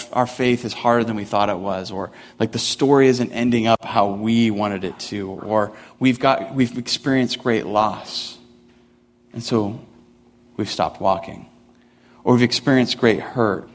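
A man's voice: medium pitch, long reverb tail. A man preaching a sermon in a casual, conversational way, with many "like" fillers, building intensity as he goes. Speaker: pastor.

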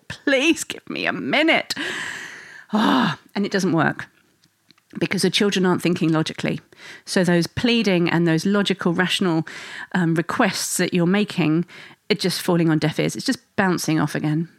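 A mother speaking to listeners about parenting stress in a gentle, reassuring, conversational way. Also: lowish voice, no room sound. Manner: gentle and reassuring, acts out stressed inner thoughts. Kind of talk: reflective talk to listeners.

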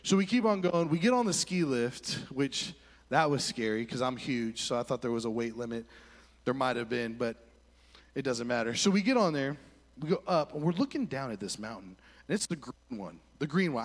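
A young man preaching, telling a lively story with voiced quotes in a church hall. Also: medium pitch, brisk. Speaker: pastor. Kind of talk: sermon story. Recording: long hall reverb.

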